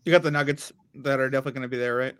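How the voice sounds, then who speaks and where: A man co-hosting a podcast in casual sports chat, animated and hedging, full of questions. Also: mid-range voice, very fast, clear, resonant tone. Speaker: podcast co-host.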